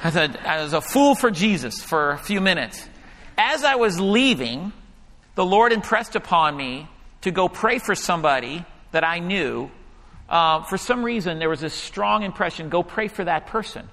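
A male pastor preaching a sermon and telling a story, animated at times and hushed when he quotes a prayer. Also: high voice, normal speed. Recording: hall reverb.

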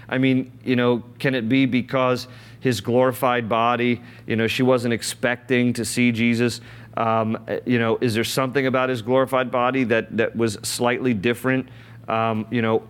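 A man delivers a sermon in an earnest, conversational manner. He reads scripture aloud and then stops to explain it in his own words, with a voice of ordinary pitch for a man. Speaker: pastor.

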